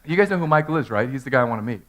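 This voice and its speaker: A man in his thirties preaching an animated Easter sermon in a church, telling the story with humor and acting out voices. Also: medium pitch, very fast. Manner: storytelling, acts out characters in funny voices. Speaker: pastor. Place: church sanctuary.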